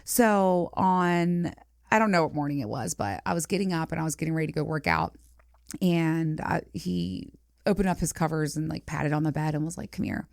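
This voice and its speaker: A woman's voice: sits low, expressive, moderate pace, creaky, darkish tone, dry recording, clean studio sound. A woman in her forties hosting a podcast, talking frankly and explicitly in casual chat with many fillers. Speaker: podcast host.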